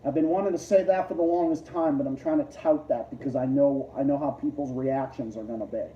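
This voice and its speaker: Ranting man on a dark, echoey mic. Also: steady tone, a little fast. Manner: profane, combative, repetitive ranting that swings between loud outbursts and low mutters. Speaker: livestream host. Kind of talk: casual livestream ranting. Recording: muffled, roomy, distant lo-fi mic.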